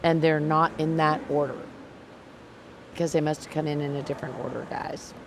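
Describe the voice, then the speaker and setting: A woman's voice: low voice, fairly even intonation, fairly quick, slight background noise. A woman hosting a livestock show livestream, chatting casually and joking about herself, wearing a clip-on mic at the arena. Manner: chatty, joking, self-deprecating. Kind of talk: casual live commentary.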